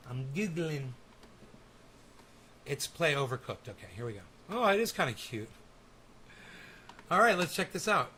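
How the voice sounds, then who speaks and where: Bright-voiced, profane stream host. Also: male voice, a little high, sing-song, measured pace, pauses often, a little hiss or hum. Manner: rambling, profane, testy banter. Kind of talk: casual live-stream chat.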